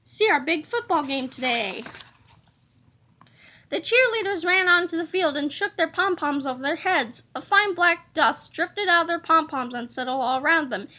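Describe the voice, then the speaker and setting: A woman reading a children's storybook aloud in a lively, playful way, adding sound effects. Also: very high voice, moderate pace. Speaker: reader of a children's book.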